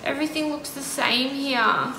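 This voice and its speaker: A woman's voice: high-pitched, normal speed, roomy sound, background noise. A woman hosting a horror game playthrough, jumpy and chatty, gasping and shrieking at scares and talking to her viewers. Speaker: gaming channel host. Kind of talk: horror game let's play commentary.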